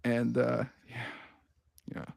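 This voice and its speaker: A young man hosting a casual sports podcast, excitable and quick to swear and laugh. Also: medium pitch, gravelly, slightly rough. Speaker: podcast host.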